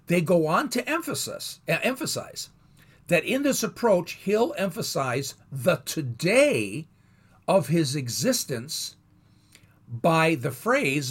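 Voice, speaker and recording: A man teaching a Bible lesson in a thoughtful, explanatory way, pausing and restarting as he goes. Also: fairly high pitch, big pitch swings, fairly bright tone, slightly rough.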